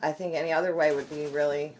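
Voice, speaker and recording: A woman's voice: sits low, steady tone, fast talker, a little mellow, slight background noise. A woman at home filming her pets on a phone, talking playfully to her bird and laughing often. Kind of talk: casual chat to pets while filming.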